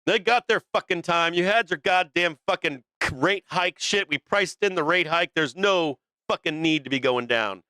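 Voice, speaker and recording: A brash man calls live market trades, swearing freely and laughing between calls. His voice is bright and forceful, pitched a little high, with a smooth, crisp tone. The sound is dry and close, with no room around it. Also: normal speed, few pauses, no echo. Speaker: stock market livestream host. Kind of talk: profane live trading commentary.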